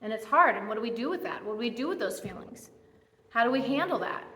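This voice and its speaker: A woman preaches in a church with a high, bright voice, telling personal stories in a chatty, self-mocking way. Her words ring out into a long, echoing hall reverb. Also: expressive, quick pace. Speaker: guest speaker at church. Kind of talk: sermon with personal storytelling. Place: church sanctuary.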